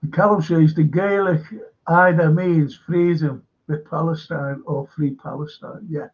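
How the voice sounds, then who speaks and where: At a measured pace and in a steady tone, a man with a fairly high voice hosts a livestream, meandering through a long anecdote peppered with profanity. The sound is dull and low-quality.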